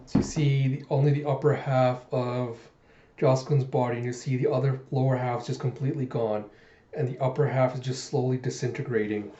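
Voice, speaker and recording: A man hosting a manga readthrough, retelling the story in an animated, casual way with spoken sound effects. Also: mid-range voice, brisk. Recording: echoey room, dull lo-fi sound.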